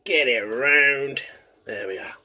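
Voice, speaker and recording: A man's voice: medium pitch, slow pace, pushed and bright. A man hosting a casual home cooking show, chatty, laughing and swearing as he works in his kitchen.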